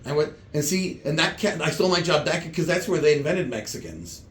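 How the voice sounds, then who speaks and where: Rambling, halting comedian, echoey room. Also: male voice, a little high, sing-song, a little hiss or hum. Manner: meandering, halting delivery with many restarts.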